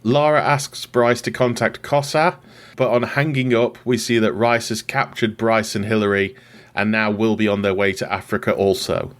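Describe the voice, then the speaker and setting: Man, podcast host, casual film recap, wry and chatty, fairly low voice. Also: steady tone, moderate pace. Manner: wry, chatty, laughs at his own jokes.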